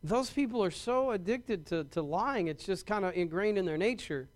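A man's voice: high voice, animated, normal speed. A man preaching a sermon to his congregation in a conversational way, often restarting and repeating words and asking the congregation questions. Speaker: pastor.

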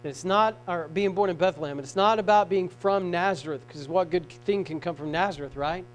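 A man preaching a sermon in a church, reading scripture aloud and swinging from soft, slow passages to loud shouting. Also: high voice, poor audio. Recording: mains hum. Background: hum.

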